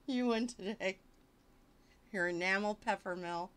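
A woman's voice: medium pitch, measured pace, clear, resonant tone. A woman streamer reading fiction aloud on a casual livestream, breaking off for wisecracking, mock-exasperated asides.

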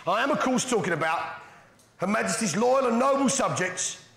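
A man's voice: sits high, expressive, normal speed, gravelly. A British man doing a brash, sweary stand-up routine, quizzing the audience. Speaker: stand-up comedian. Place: comedy venue. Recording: roomy club, loud crowd noise.

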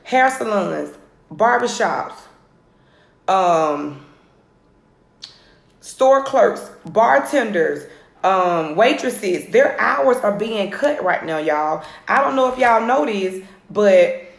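Energetic woman coaching on phone. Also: medium pitch, takes it slowly, gravelly. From Atlanta area, US. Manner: energetic, directly addresses viewers, repeats points. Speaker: home business coach. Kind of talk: live social media coaching. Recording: roomy phone recording.

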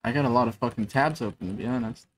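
A man streaming a shooter game live, swearing often and shouting at a teammate with frequent laughter. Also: fast. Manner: laughs often, voice jumps high when excited. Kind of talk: live gaming stream commentary.

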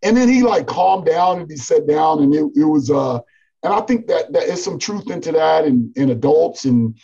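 A man with a husky, slightly higher voice tells animated stories in a casual podcast chat. He often drops "man" and "like" between thoughts. The audio is a bit muffled. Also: moderate pace. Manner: animated storytelling, frequent "man" and "like". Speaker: college basketball coach.

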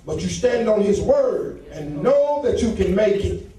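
A man preaches with fervent intensity and builds into shouts, in a high, ringing voice. He sounds distant from the microphone. The sound echoes heavily around a large church sanctuary. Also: animated, unhurried. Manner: fervent, rising to shouts, call-and-response. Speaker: associate pastor. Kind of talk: sermon. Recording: very echoey church hall, mic far off.

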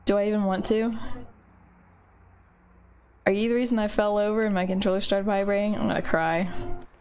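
A woman's voice: medium pitch, steady tone, fairly quick, darkish tone, slight background noise. A woman hosting a casual let's play of a horror game, jumpy and swearing, groaning at the game and echoing its lines back. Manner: echoes the game's lines back to it. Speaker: gaming channel host.

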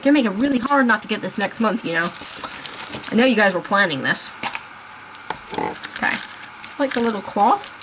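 Bubbly high-voiced woman gushing over toys. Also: noisy background. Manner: gushing and excitable, laughs often. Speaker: unboxing vlogger. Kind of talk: casual unboxing chat.

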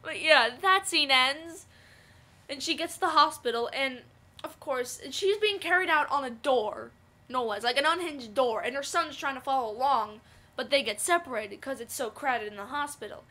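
Young girl vlogging, high bright voice, rambly and excitable. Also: normal speed. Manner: rambling, filler-heavy, excitable. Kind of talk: casual storytelling vlog.

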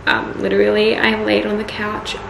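On a bus and then in a car, a young woman chats through a casual vlog diary against a noisy background. Her medium-pitched voice is monotone and creaky at a normal speed, and being sick makes her sound tired and weak as she rambles with plenty of "like."

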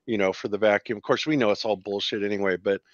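A relaxed, chatty man runs a livestream trivia quiz, his speech easygoing and casual. The audio is dull and a little lo-fi, like a call line. The room around him sounds dry and close. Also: lowish voice, fast, no room sound.

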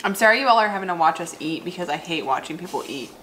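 A young woman with a bright, forceful tone, co-hosting a casual food review and dropping dry little jokes between bites. Faint noise sits under her voice. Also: lowish voice, expressive, rapid-fire, low-quality recording. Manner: dry, joking asides while eating. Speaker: food vlog co-host.

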